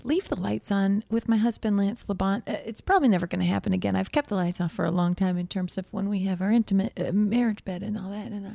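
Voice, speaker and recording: Woman, chatty and gossipy, excitable, mid pitch, dry close sound. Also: quick pace, gravelly, few pauses, no echo. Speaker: podcast co-host. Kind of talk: improvised comedy chat.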